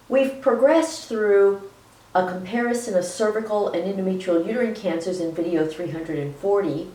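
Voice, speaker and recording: A woman teaches in a relaxed, chatty manner, laughing softly between her points. She speaks slowly and stretches key words, and her voice swings high and low. She sits a little back from the mic, and the room around her sounds roomy. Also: distant mic. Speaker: health educator. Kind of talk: educational video lecture.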